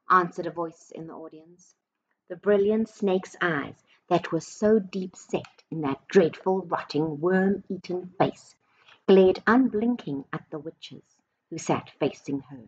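A woman, possibly a teacher, reading a storybook aloud to children slowly and expressively, with dramatic emphasis. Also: on the low side, expressive, fairly bright tone, breathy edge, dull audio.

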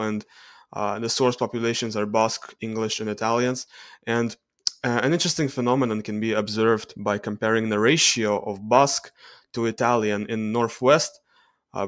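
A man's voice: mid-range voice, a bit bright, no echo. A man with a Russian accent, explaining charts in a hesitant voice-over with frequent fillers and self-corrections. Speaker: genetics video creator.

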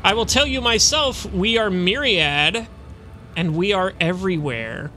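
A man's voice: high-pitched, animated, unhurried, bright, forceful tone, faint music behind, exaggerated voice. A man reading the lines of a mad, arrogant male cultist in a video game, with a taunting manner. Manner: taunting, grating laughter.

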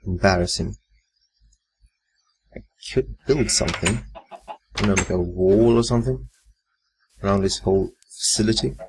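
A man's voice: low-pitched, slight background noise, rough recording. A man giving casual gameplay commentary, muttering his thoughts aloud to himself. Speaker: let's play gamer.

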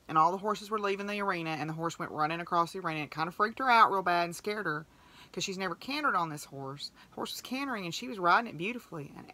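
Bright-voiced chatty woman. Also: on the low side. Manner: chatty, emotional, acts out quoted dialogue. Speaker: podcast host. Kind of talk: casual storytelling monologue.

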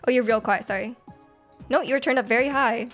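A woman's voice: a little high, a little fast, fairly bright tone, soft background music. A woman live-streaming a video game, chatting casually with her chat, giggling often and reading messages aloud.

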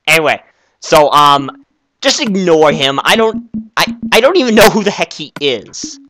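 Excitable young man with lively pitch. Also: moderate pace, no room sound. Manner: excitable, stammering, easily flustered. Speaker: video creator. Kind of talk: comedic game skit.

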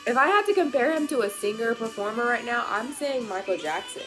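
A woman's voice: a little high, expressive, quick pace, over music. A woman reacting to a performance, emotional and talking straight to the singer. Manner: emotional, speaks to the singer directly. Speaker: music reactor. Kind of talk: reaction commentary.

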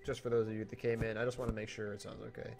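A young man giving jokey, animated commentary as he plays a video game, talking to the game and to his viewers, a little tipsy. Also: on the low side, rapid-fire, over music. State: tipsy from drinking. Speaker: gaming YouTuber. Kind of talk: let's play commentary. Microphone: desktop mic without pop filter.

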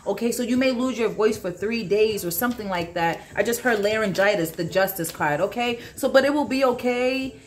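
A woman doing a solo tarot reading, talking straight to the viewer in a halting, repetitive way, often swearing and asking aloud for cards. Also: a little high. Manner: blunt and profane, talks straight to the viewer; halting, repeats herself, asks aloud for cards. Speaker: tarot reader.

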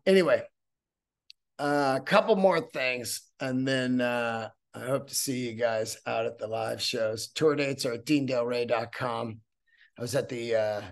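Male podcast host doing a solo rant, swears a lot, jumps from topic to topic, voice sits a bit high. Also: vocal fry. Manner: profane, rambling, animated storytelling.

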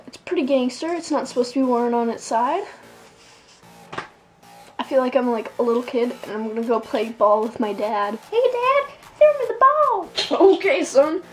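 A woman's voice: a little high, darkish tone, a little hiss or hum, low-quality recording. A woman vlogging casually, rambling in a giddy, scattered way. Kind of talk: casual rambling vlog talk. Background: song playing in the background.

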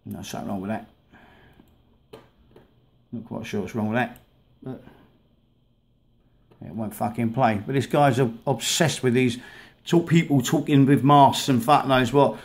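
A vlogger ranting angrily while playing clips of videos, swearing heavily and stumbling over repeated words. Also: male voice, medium pitch, gravelly. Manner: swears heavily, halting and repetitive. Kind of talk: angry rant over played videos.

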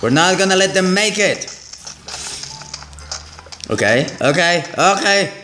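A man giving excitable let's play commentary as a gaming channel host, exclaiming and repeating himself. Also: sits high, takes it slowly, a little hiss or hum. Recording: roomy echo.

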